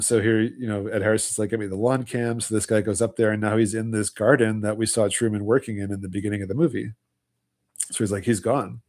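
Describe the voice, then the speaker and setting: A man hosting a casual livestream, hoarse with his voice almost gone, tired, rambling through loose explanations. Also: lowish voice, darkish tone. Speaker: livestream host.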